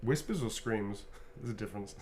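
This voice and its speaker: A man's voice: lowish voice, brisk, darkish tone. A man who is an actor, chatting and joking as he signs autographs and reads out fan messages. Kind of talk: casual chat during a live signing.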